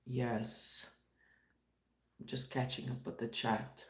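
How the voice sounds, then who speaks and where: Speaking slowly in a rumbling low voice with little pitch movement, this livestream host from Montreal, Canada chats casually and greets viewers by name while reading the chat. The audio is reverberant.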